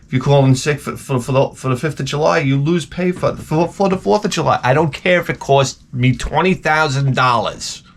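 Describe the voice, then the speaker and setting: A man ranting profanely in a rambling vlog monologue, exasperated, swinging between loud outbursts and low muttering. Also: moderate pace. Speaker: vlogger.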